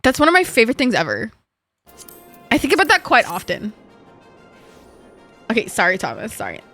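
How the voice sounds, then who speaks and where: Animated young woman streamer, bright and profane. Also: on the high side, fairly quick, faint music behind. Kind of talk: casual live-stream chat while gaming.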